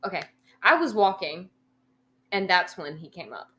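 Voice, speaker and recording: A woman's voice: lowish voice, expressive, moderate pace, fairly bright tone. A young woman co-hosting a podcast, telling a story in casual chat, rambling with many fillers and freely swearing. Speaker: podcast co-host.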